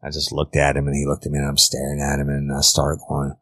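Ex-detective, deep voice with a flat delivery, blunt and profane, matter-of-fact storyteller. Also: male voice, quick pace, no echo. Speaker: former police detective. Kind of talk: storytelling in an interview.

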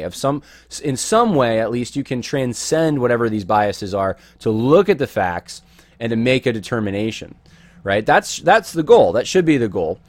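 A man's voice: mid-range voice, no room sound. A man giving casual video commentary to his audience, earnest and thinking aloud with repeated words.

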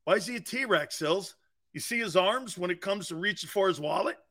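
With a high-pitched, expressive, slightly bright voice at normal speed, a man rambles through a lively sports talk monologue on his radio show. He jokes around, laughs frequently, and slips into goofy voices.

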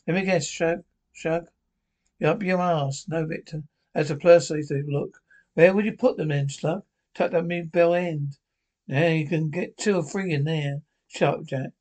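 Casting: a crude, bickering old pensioner, slightly high voice. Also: male voice, unhurried, a little mellow. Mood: banter. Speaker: sitcom pensioner. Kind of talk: broadcast sitcom acting.

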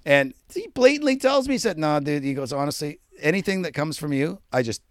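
A man co-hosting a casual podcast, telling stories in a lively, profane way and shouting out quoted lines. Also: fairly high pitch, a little fast, no echo, clean studio sound. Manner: animated storyteller, swears a lot, acts out shouted quotes. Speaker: podcast co-host. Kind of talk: casual storytelling chat.

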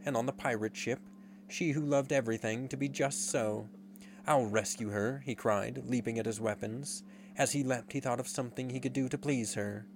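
A man narrating a storybook in a measured, expressive reading. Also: mid-range voice. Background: faint guitar music.

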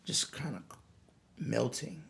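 A man with a slightly gravelly voice tells a story in an earnest, animated way, stumbling and restarting as he goes. His pitch sits in a middle range, and the talk feels heartfelt and unpolished. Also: takes it slowly, slight background noise. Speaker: musician guest. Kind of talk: storytelling interview.

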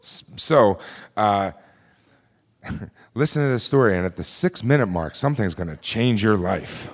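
A man with a low voice tells a story live on a theater stage. He talks intensely and acts out the quotes with drama. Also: animated, a little slow. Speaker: host and storyteller.

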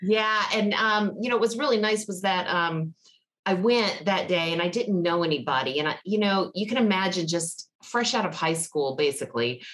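A woman from Georgia speaks with a Southern accent, chatty and quick to laugh. She tells stories from her past in a casual back-and-forth with a podcast host. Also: lowish voice, fairly bright tone. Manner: chatty storyteller, laughs often. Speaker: podcast guest. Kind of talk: casual interview chat.

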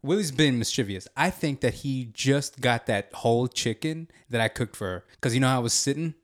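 A man's voice: medium pitch, animated, brisk. Laid-back man telling a story. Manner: laid-back storytelling, laughs often, slangy. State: driving while talking. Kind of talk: casual chat.

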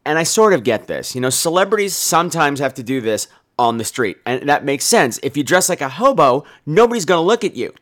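A man's voice: on the high side, very animated, a little fast, hardly any pauses, fairly bright tone. A man hosting a podcast, telling a profane, theatrical comic story. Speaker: podcast host.

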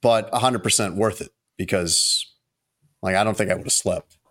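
A man's voice: on the low side, moderate pace, fairly bright tone. Easygoing man co-hosting a chat. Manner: conversational, hedging with fillers. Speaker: podcast co-host. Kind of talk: casual chat.

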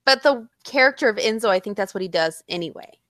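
A woman in casual chat, animated and blunt, swearing freely. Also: medium pitch, fast talker, no echo, clean studio sound.

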